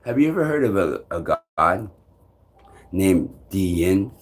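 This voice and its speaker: A man vlogging on a live stream. He rambles restlessly and swears often, jumping between loud outbursts and low mutters. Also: very animated, takes it slowly, slight background noise.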